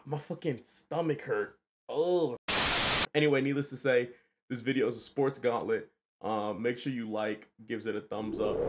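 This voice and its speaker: A young man from the Atlanta area, streaming and commentating his own sports video games, swearing and yelling at plays. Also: on the low side, slight background noise. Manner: excitable, swears a lot, yells at plays. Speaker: gaming streamer. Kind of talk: casual gaming commentary.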